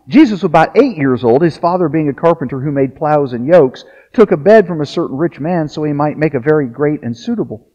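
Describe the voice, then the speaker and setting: A man's voice: fairly high pitch, warm tone. A male pastor preaching a sermon, reading a long passage aloud with casual asides. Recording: dull lo-fi sound.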